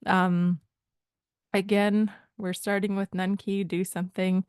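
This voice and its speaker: A woman from Rama First Nation in Canada explaining language points in a thoughtful, hesitant way, often pausing to search for words. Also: medium pitch, flat delivery, a little mellow, clean tone, no room sound. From Rama First Nation, Ontario, Canada. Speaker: language teacher.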